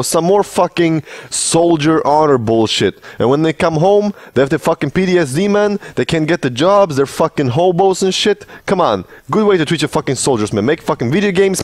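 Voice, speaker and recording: A man's voice: fairly high pitch, dry recording. A man giving a profane, sarcastic rant as gameplay commentary, mocking the game he is playing. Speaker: gaming channel host.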